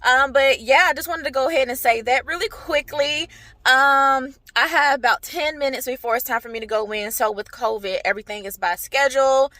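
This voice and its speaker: A young female beauty vlogger chats casually with her viewers from a parked car, speaking straight to them and using lots of filler words. Her voice sits high and moves fairly quickly, with a bright, forceful tone and no echo.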